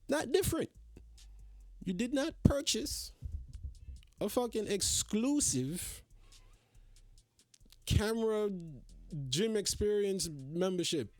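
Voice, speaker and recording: A man's voice: high voice, a little mellow, dry recording. A man hosting a podcast, ranting in a casual, profane, exasperated way. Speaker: podcast host. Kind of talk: casual solo rant.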